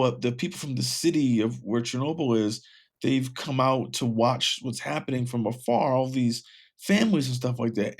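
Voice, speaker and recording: A man's voice: medium pitch, gravelly. A man co-hosting a podcast in casual chat, rambling and emphatic. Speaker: podcast co-host.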